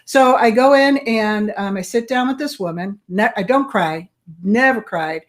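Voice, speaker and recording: Speaking at a measured pace in a voice on the high side, a middle-aged woman shares her life story frankly and plainly. She's a bully prevention expert appearing as a guest on an interview show.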